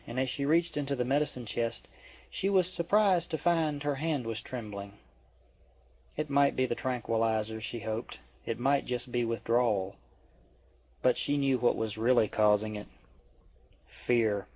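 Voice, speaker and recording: Male amateur reader, even delivery, mid pitch, close dry muffled recording. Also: normal speed, no room sound. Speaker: audiobook reader. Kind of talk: reading a novel aloud. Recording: dry, dull lo-fi.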